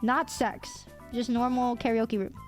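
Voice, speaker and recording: A young woman streamer telling a story in casual chat, animated and quick to laugh, with some casual swearing. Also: a little high, faint music behind. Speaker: VTuber streamer.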